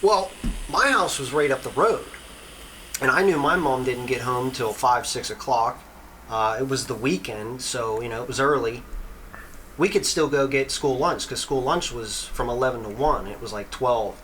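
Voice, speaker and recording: A man in his thirties, a podcast host, telling a long story in an animated, casual way and swearing freely. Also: medium pitch, moderate pace, a little hiss or hum, rough recording.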